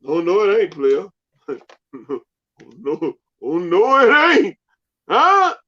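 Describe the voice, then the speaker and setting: A man co-hosting a casual sports show, joking, animated and laughing often. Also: sits high, extremely slow. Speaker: co-host. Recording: dull lo-fi sound.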